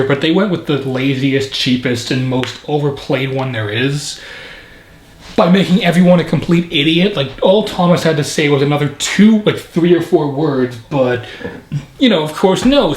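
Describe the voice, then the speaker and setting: A man giving a casual, joking reaction review of a movie, sarcastic and rambling. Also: a little high. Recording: roomy echoey room.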